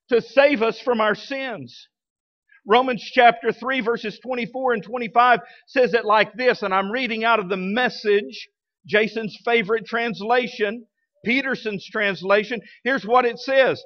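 A man's voice: very high voice, measured pace, muffled recording. A male pastor preaching a sermon in a conversational way, asking his congregation rhetorical questions. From United States. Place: church.

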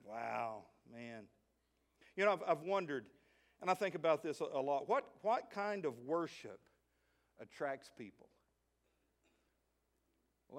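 A man with a fairly high pitch and a Southern US accent is preaching a spirited sermon as pastor. He moves between quiet jokes and asides and loud, shouted praise.

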